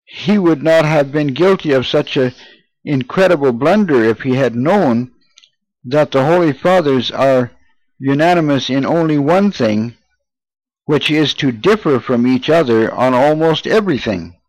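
A man's voice: medium pitch, animated, measured pace, darkish tone, no echo, low-quality recording. Earnest man reading a memoir aloud. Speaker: narrator.

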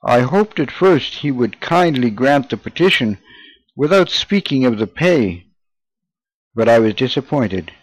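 A man's voice: medium pitch, lively intonation, unhurried, no room sound, rough recording. Earnest man reading a memoir aloud. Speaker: narrator.

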